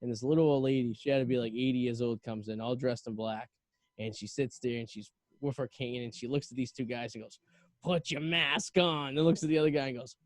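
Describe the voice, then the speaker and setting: Young male host, rapid storyteller, dry close mic. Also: mid-range voice, steady tone, warm tone, no echo. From north of Boston. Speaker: podcast host. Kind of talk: casual interview chat. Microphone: home studio mic.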